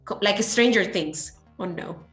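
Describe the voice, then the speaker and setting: Casting: woman teacher, encouraging and quick with praise, mid-range voice, runs an online class. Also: medium pitch, faint music behind. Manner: encouraging, praises often, switches to Spanish. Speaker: English teacher.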